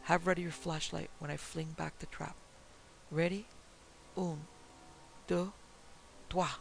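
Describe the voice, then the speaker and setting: A man's voice: on the high side, little pitch movement, slow pace, a bit bright, exaggerated voice, low-quality recording. A man voicing a dapper French detective, speaking with a put-on French accent in a mocking, lilting way. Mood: commanding. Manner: mocking, upward lilting delivery. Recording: gravelly voice over faint hiss.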